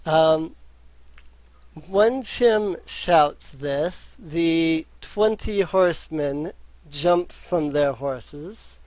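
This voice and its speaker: Slow, hesitant game master, man. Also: fairly high pitch, no room sound. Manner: hesitant, many ums. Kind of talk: running a tabletop game.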